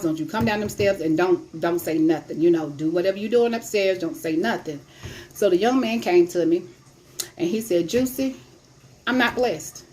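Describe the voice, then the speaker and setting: A middle-aged woman with a medium-pitched voice hosts her own show, giving blunt advice about sex and relationships. She retells a story casually, voicing the people in it.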